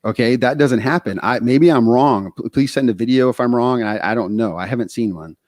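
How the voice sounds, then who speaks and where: A Texan man co-hosts a podcast, chatting casually in animated bursts packed with fillers and restarts. His voice is mid-range and fairly quick, and the recording has no room sound.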